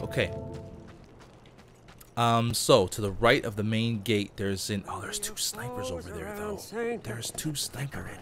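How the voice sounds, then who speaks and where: A man hosting a let's play, commenting as he plays, with excitable, panicky exclamations under fire. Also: medium pitch, normal speed. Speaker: gaming channel host.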